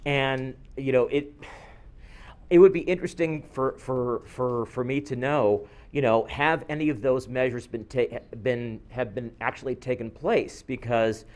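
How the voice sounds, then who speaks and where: A man resident addressing a city planning meeting, halting and full of restarts. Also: medium pitch, steady tone, darkish tone. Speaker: resident giving public comment. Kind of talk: public comment at a city meeting.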